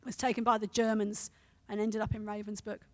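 A woman preaching a sermon who reads scripture and a story aloud in a measured way, with hesitant restarts. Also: mid-range voice, little pitch movement, big-room sound.

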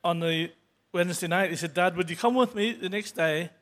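Man, 60s, testimony at church, earnest and stumbling, higher voice. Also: a bit bright. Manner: halting, many restarts and fillers; earnest, grows emotional toward the end. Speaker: church member giving testimony. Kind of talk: unscripted testimony.

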